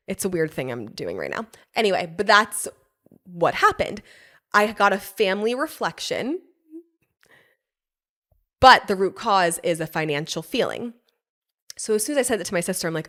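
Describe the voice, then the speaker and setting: A pregnant young woman hosting a podcast, telling a personal story in a casual, animated way, laughing often and swearing freely. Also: medium pitch. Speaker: podcast host.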